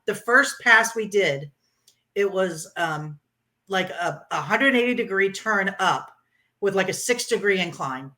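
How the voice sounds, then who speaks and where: A woman from Florida telling her motorcycle trip story in an interview, animated and laughing, with many ums and restarts. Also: medium pitch, measured pace.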